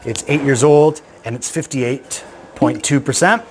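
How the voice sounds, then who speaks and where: A man's voice: mid-range voice, a little slow, slight background noise. A man with a Canadian accent giving a casual, joking whiskey-blending demonstration to camera. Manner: chatty and joking, with a dry, self-deprecating humor.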